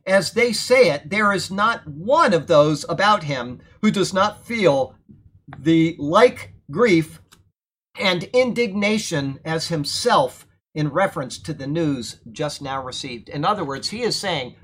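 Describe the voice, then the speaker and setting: A man with a slightly high, animated voice, a bit slow and a bit bright, leads a sermon-style Bible class in a church room during a thunderstorm. He chats with the group, often asking "okay?", and rises at times into emphatic indignation.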